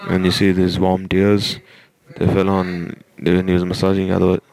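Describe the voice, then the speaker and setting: A man telling a devotional story in a slow, halting way, with frequent restarts. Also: deep voice, completely flat delivery, vocal fry, darkish tone.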